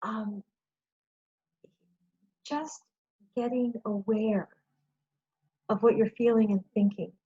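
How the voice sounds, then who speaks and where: A woman's voice: medium pitch, steady tone, slow pace, pauses often, warm tone, breathy edge, dull audio. A woman giving an informal workshop talk on stress, conversational and self-deprecating, acting out her own inner thoughts. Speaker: workshop presenter.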